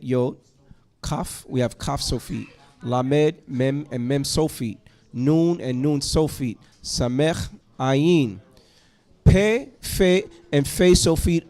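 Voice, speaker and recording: In a classroom, a man with a voice on the high side and a darkish tone teaches Hebrew, patiently and slowly taking his students through the alphabet one letter at a time.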